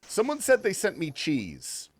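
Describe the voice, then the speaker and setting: Lively casual young man streaming. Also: high-pitched, a little slow. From United States. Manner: casual, swears and laughs, reads chat aloud. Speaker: livestream gamer. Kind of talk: casual livestream chat.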